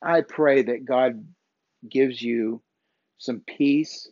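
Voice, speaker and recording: A man of middle pitch talks through a motivational faith pep talk, earnest and repetitive, stumbling over fillers as he goes. The recording is dry and a little dull, like a low-fi home podcast mic. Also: extremely slow, a little mellow, no room sound. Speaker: podcast host.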